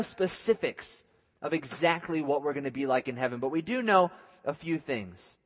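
A man's voice: fairly high pitch, very animated, brisk. Man preaching in a reverberant hall. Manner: conversational preaching with jokey asides. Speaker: pastor. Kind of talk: sermon.

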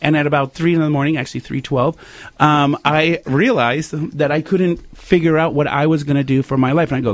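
A man's voice: on the high side, steady tone, brisk, dry recording. A man talking as a guest in a casual chat, playfully spinning elaborate made-up stories. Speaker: guest comedian doing characters.

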